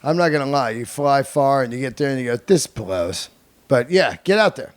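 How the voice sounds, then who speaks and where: A man's voice: mid-range voice, quick pace, clean tone, no echo. A man in his fifties, a comedian hosting his podcast, talking loosely and profanely in a joking, storytelling way. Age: 50s. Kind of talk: casual podcast monologue.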